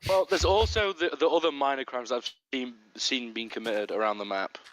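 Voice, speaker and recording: A man's voice: mid-range voice, normal speed, a bit bright, no room sound. Man playing a mock detective on voice chat. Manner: playful, mock-detective bit. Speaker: Minecraft server player. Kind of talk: casual gaming chat.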